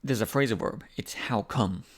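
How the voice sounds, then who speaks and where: A man's voice: fairly low pitch, moderate pace. A man teaching an English lesson in a casual, patient way, repeating examples to explain them. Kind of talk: language lesson.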